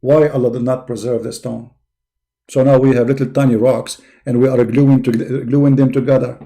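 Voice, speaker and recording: A man hosting a video, talking sarcastically in a mocking commentary and drawing out his questions slowly. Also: mid-range voice, flat delivery, vocal fry, mellow. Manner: sarcastic, with slow, drawn-out questions. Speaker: video host. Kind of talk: mocking commentary with a comic skit.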